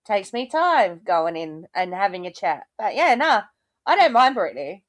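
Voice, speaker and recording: Woman, mocking reaction commentary, animated pitch, average height voice. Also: moderate pace, no room sound, clean studio sound. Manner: sarcastic, swearing, mocking. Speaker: host reacting to clips. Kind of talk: casual commentary over clips.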